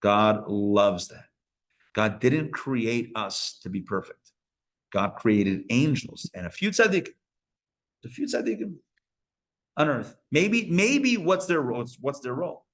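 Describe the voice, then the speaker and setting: A rabbi giving a live Torah lecture to an audience at a community center, talking in a conversational way with playful asides to the listeners. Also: male voice, mid-range voice, expressive, measured pace, fairly bright tone. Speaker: rabbi teaching a class.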